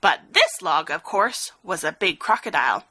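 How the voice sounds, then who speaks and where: A woman reading a rhyming picture-book story aloud, expressive, with a sing-song rhythm. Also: lowish voice, moderate pace, slightly rough, poor audio.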